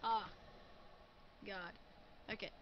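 Slow, muttering woman gamer, muffled mic. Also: mid-range voice, wildly swooping pitch, vocal fry. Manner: frustrated muttering, exasperated complaints. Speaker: gamer recording a let's play. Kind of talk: live gameplay commentary.

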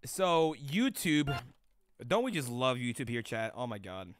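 A man's voice: mid-range voice, big pitch swings, measured pace, no room sound, clean studio sound. A young man streaming live, chatting loosely with chat in rambling, profane slang.

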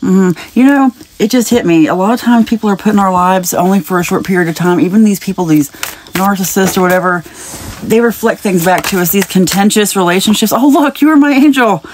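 A woman's voice: medium pitch, fairly quick, slight background noise. A woman giving a casual spiritual reading straight to the viewer. She chats and rambles, wanders into side stories and laughs lightly between thoughts. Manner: speaks directly to the viewer, wandering off into tangents. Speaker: spiritual message reader.

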